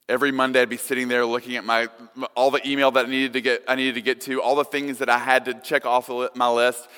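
A man preaching a sermon, earnest, his volume swinging from hushed to loud. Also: mid-range voice, smooth. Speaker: pastor. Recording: long reverb of a large hall.

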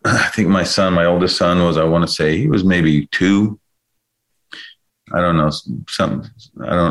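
A man's voice: low voice, a bit bright. A man in his thirties, a guest telling a personal story candidly, swearing freely and correcting himself as he goes. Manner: frank, swears freely, rambling self-corrections.

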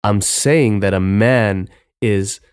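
A man's voice: on the low side, slow pace, a little mellow, clear, resonant tone, no echo, studio quality. A man hosting a podcast, giving an earnest solo advice talk that often ends points with "right?". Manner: earnest, lecturing, with frequent "right?" tags. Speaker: podcast host.

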